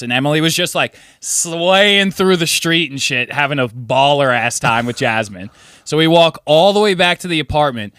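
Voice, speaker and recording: A man's voice: fairly high pitch, moderate pace, bright, forceful tone, clear, resonant tone, dry recording, studio quality. A young man casually telling a story on a podcast, swearing freely and acting out what people said. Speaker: podcast co-host. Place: New York City apartment.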